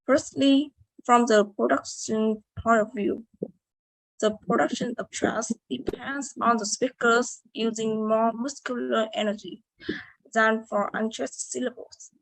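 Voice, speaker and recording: A woman's voice: on the high side, fairly even intonation, measured pace, creaky, dry recording, rough recording. A young woman giving a class presentation, reading carefully with hesitations and restarts. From Vietnam. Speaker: student presenter. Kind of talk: class presentation on word stress.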